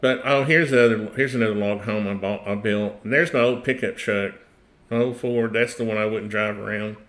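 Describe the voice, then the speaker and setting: A man's voice: on the low side, fairly even intonation, a little fast, fairly bright tone. A middle-aged man with a Tennessee accent hosting a casual livestream, rambling, chuckling and trailing off mid-sentence. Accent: Tennessee Southern US. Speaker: host.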